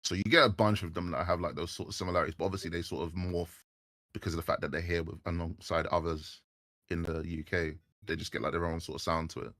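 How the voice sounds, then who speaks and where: A man's voice: low-pitched, flat delivery, fast talker, fairly bright tone, no echo, studio quality. A man with a London accent chatting casually on a livestream, rambling with lots of fillers and restarts. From England.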